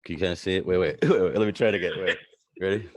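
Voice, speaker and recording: A man's voice: low voice, steady tone, rapid-fire. A man on a video call, joking goofily and laughing at his own impression attempts. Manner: goofy, laughs at own attempts, stammers through restarts. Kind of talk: casual chat trading celebrity impressions.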